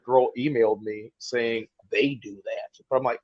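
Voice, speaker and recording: Profane, animated man telling a story. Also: mid-range voice, normal speed, no echo, lo-fi sound. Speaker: co-host of a collectors live stream. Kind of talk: casual livestream chat.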